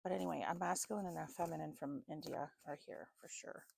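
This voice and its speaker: A woman's voice: sits low, fairly even intonation, fast, gravelly, a little mellow, husky, no room sound. A North American woman doing a casual tarot and spirit box reading, musing aloud and often checking in with "okay?". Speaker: tarot reader.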